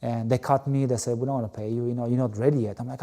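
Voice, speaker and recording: Talking very fast, this man has a warm, mid-range voice with fairly even intonation. He's a former volleyball player from Albania, a guest in an interview, telling his story emphatically and animatedly, with frequent "you know"s and repeated words.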